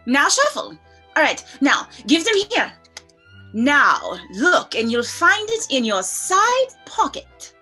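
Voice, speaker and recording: A woman's voice: sits high, wildly swooping pitch, slow pace, sharp tone, soft background music, heavily acted. A woman playing an eccentric conjurer and ventriloquist, showy and teasing as she performs tricks. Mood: playful. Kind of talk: stage play acting.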